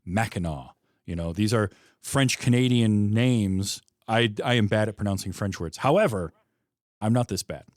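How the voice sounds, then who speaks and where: A man with a Michigan Midwest accent hosts a casual film podcast, full of chatty enthusiasm. His voice sits on the low side, and it is recorded close and dry, with no room sound at all. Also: a little mellow, no room sound. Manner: chatty, enthusiastic, quick asides. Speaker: podcast host.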